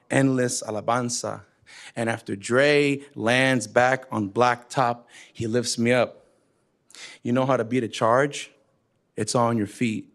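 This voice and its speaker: A man's voice: mid-range voice, a bit bright. A man performing a spoken word poem with rhythmic, emphatic delivery, slipping in Spanish phrases. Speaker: poet.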